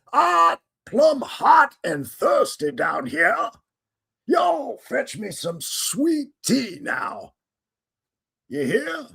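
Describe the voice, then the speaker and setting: A man hamming up a drawling cartoon Southern gentleman. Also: creaky, husky, heavily acted. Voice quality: slow exaggerated Southern drawl, loud and high. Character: drawling cartoonish old Southern gentleman demanding sweet tea.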